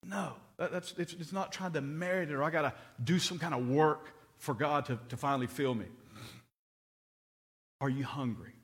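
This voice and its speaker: A middle-aged man preaching, his voice sitting a little higher than most men's. He tells stories earnestly, often circling back and repeating words as he builds his point. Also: moderate pace, a bit bright. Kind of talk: sermon.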